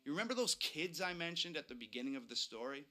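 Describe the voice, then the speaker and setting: Male storyteller, slightly high, bright, suspenseful first-person telling. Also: sing-song, quick pace, faint music behind. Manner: suspenseful, building tension. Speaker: storyteller recounting a ghost encounter.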